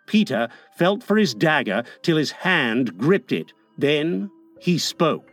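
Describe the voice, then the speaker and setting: A man narrating a storybook aloud in a dramatic way, shifting from hushed to lively. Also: a little high, slow, no echo, faint music behind. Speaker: audiobook narrator. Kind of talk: expressive storybook reading.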